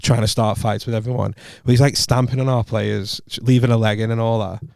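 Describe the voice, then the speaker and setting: A man's voice: medium pitch, fairly quick, gravelly, no echo. A man co-hosting a podcast, telling a story in casual chat, swearing freely, laughing often and acting out what people said. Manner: animated storytelling, swears a lot, laughs often, acts out quoted voices. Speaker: podcast co-host.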